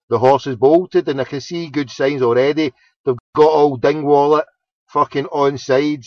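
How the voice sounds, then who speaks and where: A man's voice: a little high, no room sound. A man chatting casually, rambling and swearing, with many restarts. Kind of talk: casual chat. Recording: dull lo-fi sound.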